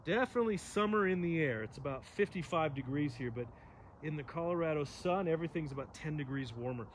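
A man's voice: a little high, lively intonation, quick pace, slight background noise. A man teaches an outdoor yoga flow, calling out poses and breaths in a slightly raised voice. He drops playful jokes between cues. Faint outdoor ambience sits under his voice. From Southern California. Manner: joking asides between pose cues. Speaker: yoga instructor. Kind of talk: guided yoga class.

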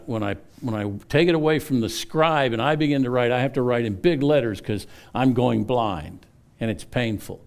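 A man's voice: mid-range voice, darkish tone. A middle-aged male pastor preaching a sermon, earnest, often repeating words and rising for emphasis.

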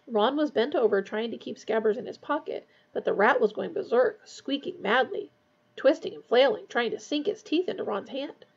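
A woman reading a novel aloud in a steady storytelling voice, adding brief asides of her own. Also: a little high, moderate pace, gravelly, husky, muffled recording. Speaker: reader.

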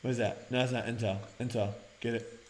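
A young man hosting a let's-play, reading game prompts aloud and breaking into loud, excited shouts. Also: medium pitch, brisk. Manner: energetic, bursts into loud shouts, reads on-screen prompts aloud. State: sore mouth after dental work. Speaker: gaming channel host. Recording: roomy home recording with game music behind.

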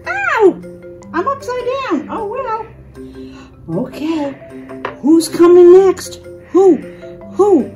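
A woman with a very high, wildly swooping voice narrates toy play for little children in an unhurried sing-song. She gasps theatrically and repeats phrases over and over. Music plays clearly underneath.

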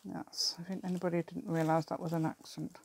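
Middle-aged woman, slightly low voice, rambling craft-video chatter with laughs and mumbled asides. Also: little pitch movement, a little fast, gravelly, a little hiss or hum. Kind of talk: casual chat while crafting.

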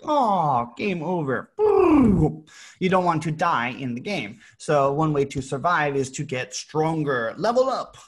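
Male teacher, American, playful with kids, slightly high and very lively pitch. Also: unhurried. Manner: playful, animated, with sound effects. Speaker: English teacher. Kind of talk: teaching a children's class.

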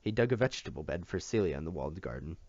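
A man's voice: low voice, animated, racing, darkish tone, no echo. A man reading a novel aloud expressively, with occasional slips and rereads. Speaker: audiobook reader. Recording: dull lo-fi dry recording.

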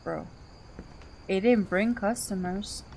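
A woman giving casual commentary on a horror game she is playing. She swings from quiet mutters to shrieks and laughs often. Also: mid-range voice, fairly even intonation, takes it slowly, slight background noise. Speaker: gaming channel host.

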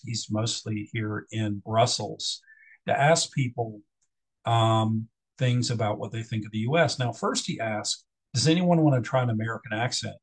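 A man's voice: medium pitch, rough recording. A middle-aged man presenting a business etiquette workshop in a casual, conversational lecture style with frequent ums.

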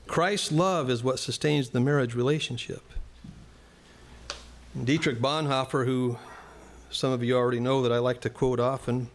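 A male pastor preaching a sermon in a church, earnest and plain-spoken, turning now and then to address the congregation directly. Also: medium pitch.

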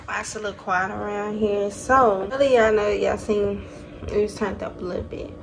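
A woman's voice: mid-range voice, moderate pace, vocal fry. A young woman telling a story to her viewers in a casual vlog, talking animatedly and cussing. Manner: animated, profane, addresses viewers as y'all. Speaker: vlogger. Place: hotel room. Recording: noisy phone recording.

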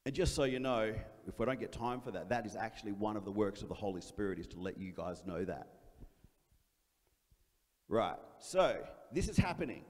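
Animated pastor in a reverberant hall. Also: male voice, lowish voice, moderate pace. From Australia. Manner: animated storytelling, acting out voices in the story. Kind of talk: sermon. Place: church auditorium.

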